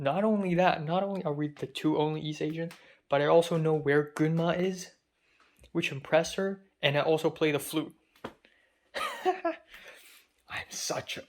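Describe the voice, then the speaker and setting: A young man from Hong Kong, a film student vlogger, tells a casual story in a voice on the high side with a darkish tone. He's chatty and self-deprecating, wandering off into rambling asides.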